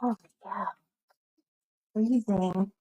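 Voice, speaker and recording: A young woman vlogging casually while walking outside on ice, excitable, swearing and laughing a lot. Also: medium pitch, drawn-out words, rough recording.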